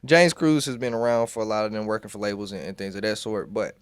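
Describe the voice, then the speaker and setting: Male podcast host, reads transcript lines straight then riffs bluntly; smooth tone, dry close sound. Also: on the low side, quick pace, dry recording. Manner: reads both sides of an exchange aloud, then breaks into blunt profane asides. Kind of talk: reading out trial transcript with casual commentary.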